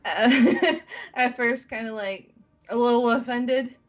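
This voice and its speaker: A woman's voice: on the high side, slow. A woman narrating her character in a tabletop game, hesitant and often laughing. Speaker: tabletop role-player. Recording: dull lo-fi recording with faint music.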